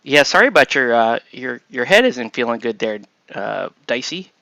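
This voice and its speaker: Bright-voiced man chatting. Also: medium pitch, very animated, moderate pace, vocal fry, no echo, low-quality recording. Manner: rambling, chuckling, trails off and restarts. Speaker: host. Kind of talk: casual chat while assembling miniatures.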